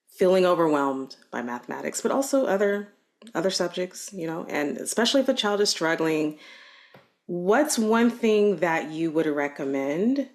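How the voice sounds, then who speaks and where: Low-voiced woman hosting a podcast. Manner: encouraging, eager questions. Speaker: podcast host. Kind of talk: casual interview chat.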